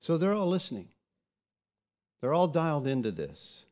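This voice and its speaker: A man's voice: fairly high pitch, big pitch swings, moderate pace, darkish tone. A pastor preaching a sermon, often repeating words as he restarts, and telling scripture stories dramatically.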